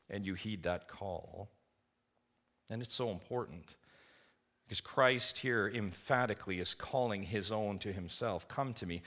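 A man preaching a sermon in an earnest way, asking the congregation questions and swinging from emphatic peaks to soft, quiet lines. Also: on the low side, a little slow. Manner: asks the congregation rhetorical questions. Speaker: pastor.

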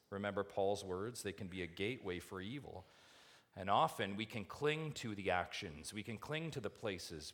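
A man preaching a sermon to his church, asking rhetorical questions and swinging from hushed asides to loud, emphatic build-ups. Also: fairly low pitch. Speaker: pastor.

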